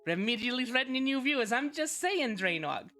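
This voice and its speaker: A woman's voice: high voice, big pitch swings, fast talker, pushed and bright, voice pushed up, heavily acted. A woman voicing a brash, streetwise alligator with a put-on New York accent, talking tough and boastful. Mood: sassy. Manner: sassy, boastful, threatening in jest.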